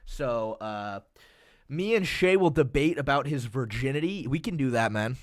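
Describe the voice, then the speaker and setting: A man's voice: medium pitch, expressive, normal speed. A man from the USA hosting a livestream, chatting casually in a rambling, filler-heavy way and swearing freely. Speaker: livestream host. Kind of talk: casual chat.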